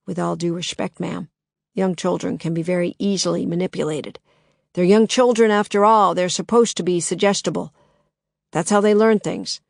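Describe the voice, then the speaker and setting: A woman's voice: lowish voice, moderate pace, dry recording. A woman doing a lisping Minnesota detective. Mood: persuasive. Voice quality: dry, creaky voice with a slight lisp. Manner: calm, knowing, gently persuasive. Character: thin saturnine male private detective.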